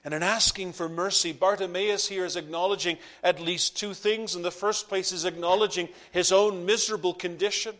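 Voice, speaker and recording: A pastor preaching a sermon to his congregation, impassioned, swinging between loud peaks and hushed drops. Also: high-pitched, fairly even intonation, moderate pace, few pauses.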